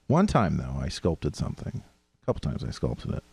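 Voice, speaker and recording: A man with a gravelly, husky bass voice talks fairly quickly as a podcast co-host. He chats casually and tells stories animatedly, laughing often.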